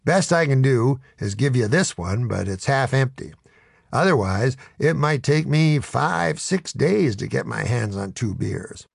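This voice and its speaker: A man voicing a shifty, wheedling male devil who talks in fast salesman patter, in a comic storybook reading. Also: mid-range voice, lively intonation, creaky, husky, dry recording, studio quality, exaggerated voice. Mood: evasive. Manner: fast-talking salesman patter, fawning when scolded.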